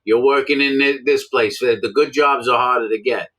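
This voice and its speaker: A man's voice: mid-range voice, fairly even intonation, normal speed, fairly bright tone, poor audio. A man who served time in prison, talking bluntly and repeating his points for emphasis. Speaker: former prisoner explaining prison life. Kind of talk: casual monologue to camera.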